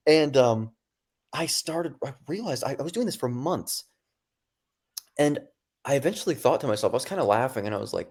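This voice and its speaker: A young man in his twenties tells his story as a podcast guest. His voice sits at a middle pitch. He talks casually with fillers and restarts, acting out what others said. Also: a little fast. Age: 20s. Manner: animated, acts out quoted dialogue. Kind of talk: storytelling in an interview.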